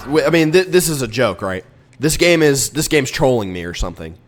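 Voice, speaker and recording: A young man commentating his own football video game, exasperated and ranting, with sudden loud outbursts. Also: mid-range voice, lively intonation, moderate pace, soft background music. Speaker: gaming YouTuber. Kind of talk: live gameplay commentary.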